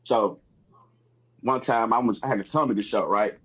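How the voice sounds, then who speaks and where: Husky-voiced man from Texas telling stories. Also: lowish voice, normal speed, lo-fi sound. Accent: Texan. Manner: animated, acts out other people's lines in his stories. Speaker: comedian guest. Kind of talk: storytelling in casual chat.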